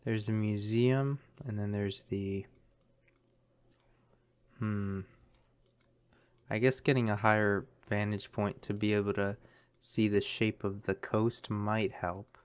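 A man's voice: on the low side, little pitch movement, takes it slowly, pauses often, clean tone. A man commentating a map guessing game, thinking aloud in a chatty way with lots of ums. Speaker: game streamer.

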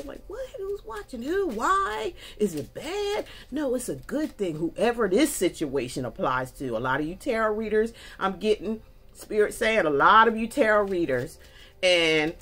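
A woman with a deep, low voice reads tarot cards in a loose, chatty, folksy way and speaks right to her viewers. Soft music plays faintly behind her. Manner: chatty, folksy, talks straight to viewers with y'all. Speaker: tarot reader. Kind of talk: casual spoken tarot reading.

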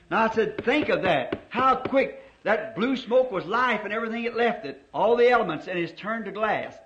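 A middle-aged man preaching a sermon, telling a story fervently and dramatically, slowing down to stress key words. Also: high voice, fairly bright tone. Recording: dull lo-fi old sermon tape.

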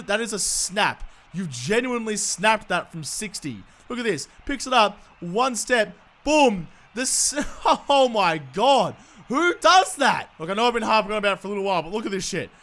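A young man commentating his own football video game, cheering loudly and swearing at the players. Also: high voice. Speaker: gaming commentator. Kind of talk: excited gameplay commentary.

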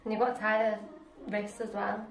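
A woman's voice: medium pitch, flat delivery, moderate pace, reverberant, music in the background, rough recording. A young woman vlogger, chatting casually and agreeing easily with her co-host. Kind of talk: casual try-on haul chat.

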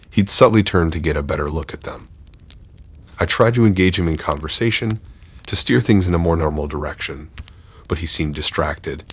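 Brief: male narrator for scripted horror stories, extremely low voice with a husky edge, measured and tense.

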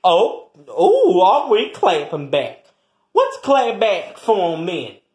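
A performer in an improvised comic quarrel, trash-talking and taunting with heavy swearing and swinging between loud jeers and low mutters. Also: huge pitch swings, takes it slowly, reverberant. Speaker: comedy skit performer.

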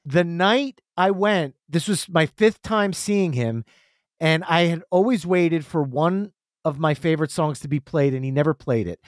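A man's voice: a little high, unhurried, no echo, studio quality. A man in his forties, a podcast guest, telling stories in casual chat and acting out what people said. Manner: animated storyteller, acts out quotes. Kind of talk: casual storytelling.

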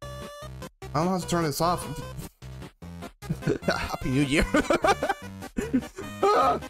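Excitable male game streamer. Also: high voice, slow. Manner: excitable, laughs often, stumbling restarts. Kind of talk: livestream gaming commentary. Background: game music.

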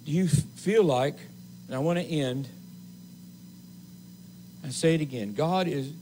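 A man preaching a sermon as assistant pastor in a church, slow and emphatic, with repeated phrases and pauses. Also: on the high side, dark tone, slight background noise, poor audio. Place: church sanctuary.

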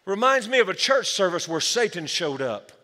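High-voiced, bright-toned male pastor preaching. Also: normal speed, slight background noise. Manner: energetic preaching, calls for amens. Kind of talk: sermon. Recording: long hall reverb.

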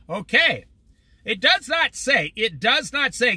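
A man leading a Bible study in a high, very bright voice that swings widely in pitch. He preaches conversationally and with humor, often slipping into quick everyday voices. The sound is dry and close. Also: very animated, slightly rough, dry recording.

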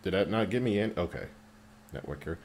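A man casually commentating his mobile game as he plays, getting excited and swearing at the game when it annoys him. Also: sits low, fairly quick, slight background noise. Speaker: mobile game player narrating gameplay.

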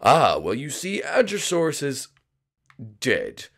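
A man's voice: fairly high pitch, wildly swooping pitch, slow, gravelly, a bit bright, voice pushed up, exaggerated voice. A man voicing a scheming male reptile villain professor, gloating and theatrical, for a game roleplay.

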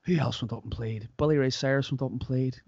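A fast-talking Irish podcast host chats casually, animatedly voicing the people in his tales. His medium-pitched voice is creaky, the audio has no echo, and the high frequencies are cut off.

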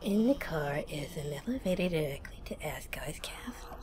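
A woman voicing a nervous female lizard scientist in a video game, with a halting, stammering delivery. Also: medium pitch, expressive, a little mellow, slight background noise, natural voice.

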